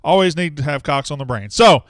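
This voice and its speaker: A man's voice: on the high side, lively intonation, a little fast, no room sound. A man hosting a casual live sports talk show, rambling and self-deprecating as he greets viewers by name.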